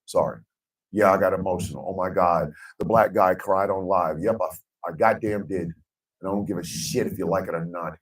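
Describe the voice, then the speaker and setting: A man's voice: deep voice, normal speed, recorded from a distance, poor audio. An American man hosting a radio morning show, speaking in an emphatic, blunt and profane monologue. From United States.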